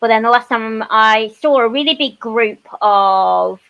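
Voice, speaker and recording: A woman speaks as a guest on a casual panel chat, recounting her experiences with animated energy and a steady stream of "you know" asides. Her voice sits a little high. The sound is dull and lo-fi, as if it came over a call. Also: unhurried, gravelly, smooth.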